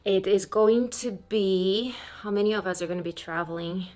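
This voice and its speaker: A woman's voice: medium pitch, moderate pace, a little mellow. Chatty woman vlogging to camera. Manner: chatty, rambling, with many fillers. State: out of breath. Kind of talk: casual vlog talk to camera.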